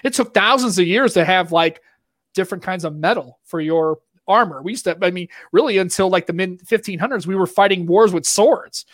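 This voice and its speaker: With a Boston accent and a voice that sits high, this podcast co-host talks a little fast in casual conversation. He rants animatedly, rambling and restarting his sentences often, on a dry, clean studio recording.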